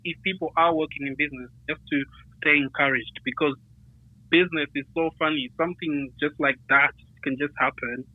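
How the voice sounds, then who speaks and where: Over a dry, tinny phone line with no echo, a UK man appearing as a guest chats casually about running a business. He speaks a little fast in a fairly high, steady voice, hesitating often with fillers and restarts.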